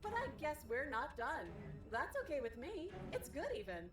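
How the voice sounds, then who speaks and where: An actress voicing a playful, menacing princess with a body of blades, in a video game, teasing and sing-song. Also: female voice, sits high, sing-song, moderate pace. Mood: eager. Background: game music.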